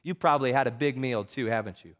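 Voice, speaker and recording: A man's voice: medium pitch, quick pace, close to an everyday voice. A man voicing a sullen, grumbling schoolboy bully in a story he reads aloud during a sermon.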